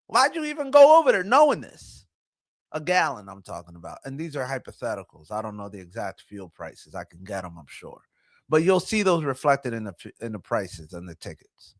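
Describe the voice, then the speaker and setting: A man hosting a casual commentary show, talking in an animated way, with rhetorical questions and mocking voices. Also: mid-range voice, a little fast. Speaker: show host.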